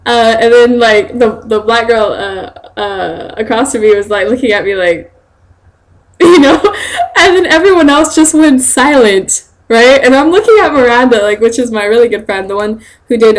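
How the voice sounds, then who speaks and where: A young woman chatting straight to her camera at home, giggling her way through a story. Her voice sits a little high for a woman, and she jumps up even higher whenever she acts out what someone said. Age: young adult. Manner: animated, giggly, quotes people in bursts. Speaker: vlogger, student studying abroad in Japan. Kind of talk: casual storytelling vlog.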